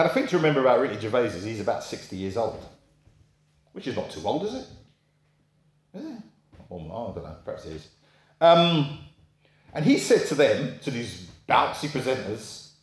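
A man preaching a sermon in a chatty, storytelling manner, asking his listeners rhetorical questions. His voice sits in the middle range for a man and carries a noticeable room echo. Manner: acts out quoted voices in a high pitch.

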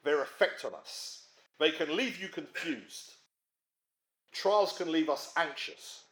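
A man preaching a sermon in a conversational way, often checking in with his listeners and swinging between emphatic rises and quiet drops. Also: fairly high pitch, big pitch swings, slow. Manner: conversational, frequent tag questions.

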